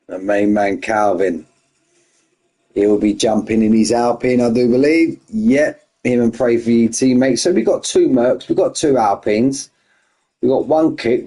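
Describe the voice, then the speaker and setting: A man's voice: on the low side, dark tone. A man hosting an online racing league stream, chatting casually and greeting viewers one by one as mates. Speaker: race league host.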